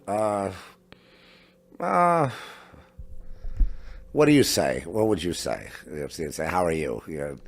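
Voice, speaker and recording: A middle-aged man from a home studio, rambling in a casual monologue, halting with many restarts and asides. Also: low voice, animated. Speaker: podcast host. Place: home in New Mexico.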